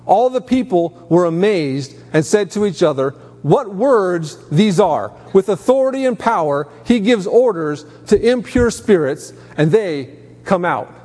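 A man's voice: high voice, animated, unhurried, darkish tone. A man preaching a sermon, emphatic, lifting his voice sharply on quoted commands. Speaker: pastor. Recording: long hall reverb.

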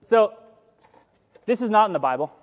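A man preaching a sermon as pastor, conversational with joking asides and animated quoting. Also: sits high, moderate pace, in a large hall.

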